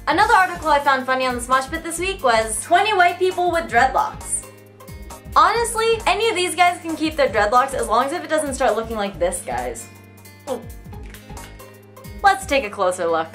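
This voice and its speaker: A young woman hosts a comedy news roundup in a high, bouncy voice that climbs and dips constantly. She delivers snarky, playful asides, with faint music running underneath. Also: very animated, normal speed, a bit bright. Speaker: show host.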